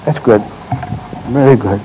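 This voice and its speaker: Working through a live demonstration on a congress stage, a male therapist coaches gently and directively with short, calm commands, then turns to explain what he sees. His ordinary mid-range voice moves a little slowly, and a faint hiss runs under the low-quality recording.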